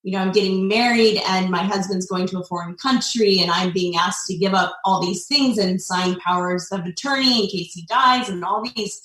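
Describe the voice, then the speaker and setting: A woman in her forties from the United States, telling a personal story as a guest in an earnest, heartfelt way, pausing often with fillers. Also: mid-range voice, a bit bright. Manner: heartfelt, with frequent pauses and fillers. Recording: echoey room, distant mic.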